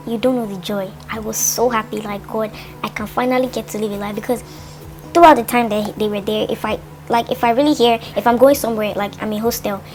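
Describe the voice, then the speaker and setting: A young woman, telling a storytime vlog in a lively, dramatic way. She leans on fillers and replays her own thoughts aloud. Her voice sits at a middle pitch, with faint music underneath. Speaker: vlogger.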